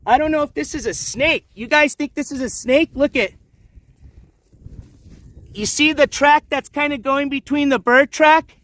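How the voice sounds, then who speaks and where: A man's voice: extremely high pitch, unhurried, pauses often, fairly bright tone, no echo. A man hosting a casual outdoor livestream as he walks through a dry riverbed, chatting with viewers and calling to his dogs. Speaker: livestream host. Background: dogs moving about outdoors.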